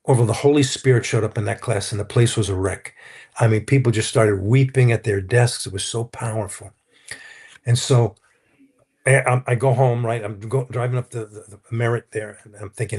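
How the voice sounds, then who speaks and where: A man's voice: mid-range voice, steady tone, moderate pace, a little mellow, breathy edge. A man, a Christian counselor, earnestly telling his personal testimony in a conversational interview. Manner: earnest, anecdotal, quotes others as he tells the story.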